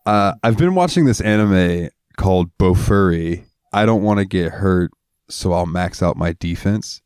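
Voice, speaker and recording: A man with a low, clear, resonant voice talks a bit slowly in clean studio sound without room ambience. As a podcast co-host, he tells stories in casual, foul-mouthed banter, acting out each person animatedly.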